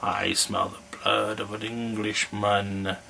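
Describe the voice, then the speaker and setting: A man voicing a huge, hungry, man-eating male giant who roars his words slowly and gruffly. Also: level tone, pushed and bright, a little hiss or hum, exaggerated voice. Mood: menacing. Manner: slow booming roar.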